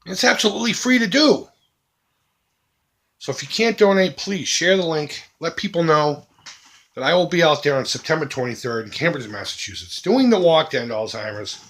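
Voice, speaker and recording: A middle-aged man making an earnest, emphatic charity appeal to his viewers as a vlogger, swinging between loud and hushed. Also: fairly high pitch, animated, normal speed.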